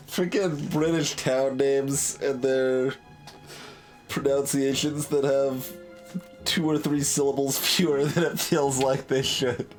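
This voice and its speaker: A man's voice: medium pitch, flat delivery, takes it slowly, soft background music. A male streamer giving casual gameplay commentary in a rambling, self-amused way.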